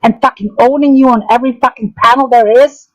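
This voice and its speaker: A woman rants on her own livestream. Her voice sits a little high, and she talks hotly and profanely. She repeats her jabs over and over to drive them home. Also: fairly even intonation, quick pace, rough recording. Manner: angry, profane, repetitive ranting. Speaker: streamer. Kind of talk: livestream drama commentary.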